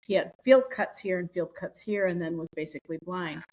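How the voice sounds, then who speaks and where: Chatty storytelling woman, lowish voice. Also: a little fast, darkish tone. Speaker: podcast co-host. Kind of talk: casual chat.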